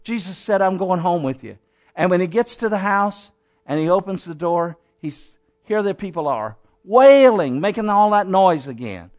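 High-voiced dramatic preacher man. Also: lively intonation, moderate pace. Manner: dramatic, swinging from hushed to loud. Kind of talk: sermon.

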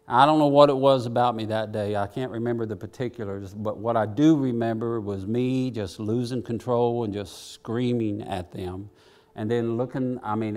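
A man's voice: mid-range voice, darkish tone. An older man, a preacher telling homespun stories in a chatty, self-deprecating way with lots of asides. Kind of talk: folksy sermon storytelling.

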